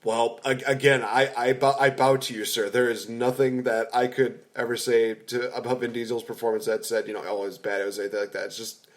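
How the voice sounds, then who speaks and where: A man's voice: medium pitch, level tone, a little fast. A man co-hosting a podcast, chatting casually and enthusiastically about a film, rambling with frequent restarts. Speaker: podcast co-host. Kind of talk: casual movie review chat.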